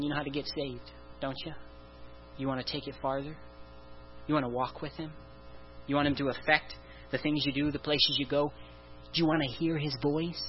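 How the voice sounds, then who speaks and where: A man preaching a sermon in an earnest way, asking the listeners question after question and sighing "oh" often. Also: on the high side. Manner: earnest, repeats rhetorical questions, sighs "oh". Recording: dull lo-fi recording with faint mains hum.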